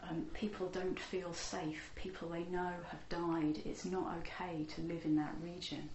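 A woman teacher telling a Buddhist story in an animated, chatty way, with frequent fillers and laughs. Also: lowish voice, a little slow, reverberant, a little hiss or hum, low-quality recording. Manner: animated, laughing, many fillers, acts out voices. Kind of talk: storytelling dharma talk.

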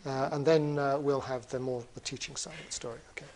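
A man who is a Buddhist teacher, telling a story in a dharma talk in a relaxed way with many pauses and fillers. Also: mid-range voice, noisy background.

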